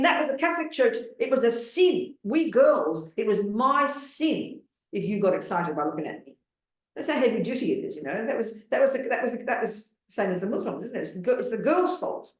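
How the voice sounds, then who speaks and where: A woman in her seventies, a Buddhist nun giving a dharma talk in a blunt, emphatic way, pressing her listeners with rhetorical questions. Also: a little high. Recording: roomy hall sound.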